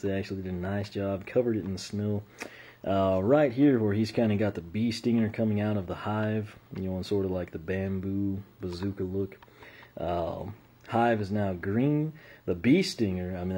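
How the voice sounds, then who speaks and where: A man with an American accent talks through a toy unboxing in a relaxed, rambling way. His voice sits low and husky, with a mellow, dark tone. He is losing his voice. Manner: relaxed and rambling, with frequent uh fillers. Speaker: toy reviewer. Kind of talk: casual unboxing commentary.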